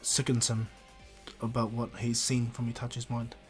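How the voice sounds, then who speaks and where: A man's voice: medium pitch, monotone, moderate pace, soft background music. A man telling a fan story in a casual, rambling way, full of fillers and restarts.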